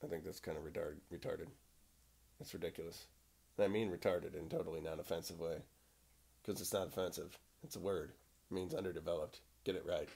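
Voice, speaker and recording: Man playing a smart-mouthed female dog: gruff, deeper than his own voice, kept low and indignant. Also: warm tone, exaggerated voice. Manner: indignant back-talk.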